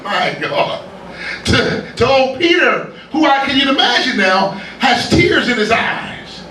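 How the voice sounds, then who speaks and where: Man, pastor, lively joking sermon, high and bright voice, echoey church from a distance. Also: a little slow, a little hiss or hum. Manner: lively, joking, with laughter from the congregation. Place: church sanctuary.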